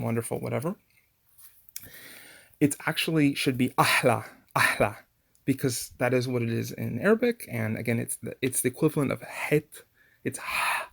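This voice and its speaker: A man's voice: mid-range voice, gravelly. A man giving a casual language lesson on pronunciation, chatty and full of fillers and restarts. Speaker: language teacher.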